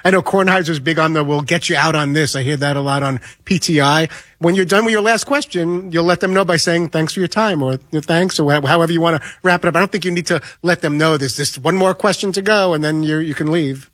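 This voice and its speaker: A man on a sports radio show venting about a small pet peeve in casual, quick talk. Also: on the high side, fairly bright tone, no echo, clean studio sound.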